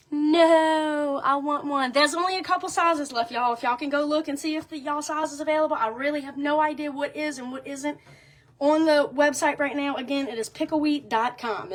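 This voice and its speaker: A woman's voice: high voice, fairly bright tone. A young woman with a Southern US accent, chatting casually on a livestream, greeting viewers and saying y'all a lot. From Louisiana. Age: young adult. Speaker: livestream host. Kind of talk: casual chat to live viewers.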